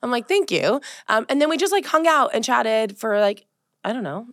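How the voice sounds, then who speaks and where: A woman in her thirties with a New Jersey accent, co-hosting a podcast in casual chat, blunt and quick to swear while acting out stories. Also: a little high, no room sound, clean studio sound. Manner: blunt, swears freely, animated retellings. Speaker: podcast co-host.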